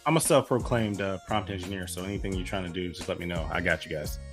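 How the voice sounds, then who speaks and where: A man co-hosting a podcast, chatting in an excitable, animated way. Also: low-pitched, quick pace, faint music behind. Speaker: podcast co-host. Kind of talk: casual chat.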